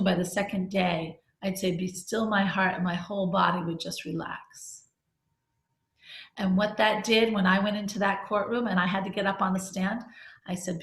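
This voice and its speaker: A woman's voice: medium pitch, fairly bright tone. Candid storytelling woman, echoey room. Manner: candid, conversational, with restarts and laughs. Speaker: group discussion leader. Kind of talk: personal storytelling in a group talk.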